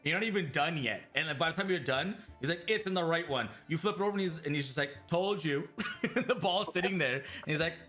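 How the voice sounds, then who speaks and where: A man running a tabletop game as game master, animated and laughing, with faint music behind. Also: on the high side. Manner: animated, laughing, quick restarts.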